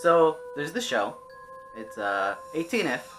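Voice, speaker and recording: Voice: mid-range voice, sing-song, slow pace, a bit bright, soft background music. A person giving a casual, rambling, exasperated rant reviewing an anime, full of restarts and swearing.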